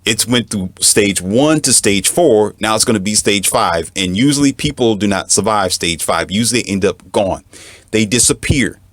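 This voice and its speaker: A man lecturing as a relationship coach. His voice sits low, and he hammers his points with emphatic repetition. The recording is dry and close, with no room sound. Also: lively intonation, moderate pace, fairly bright tone, no echo. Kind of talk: lecturing monologue.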